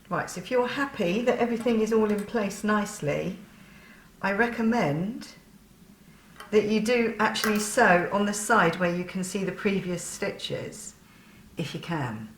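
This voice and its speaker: A woman's voice: medium pitch, lively intonation, measured pace, reverberant, a little hiss or hum. A woman chatting through a sewing tutorial, laughing often and poking fun at herself.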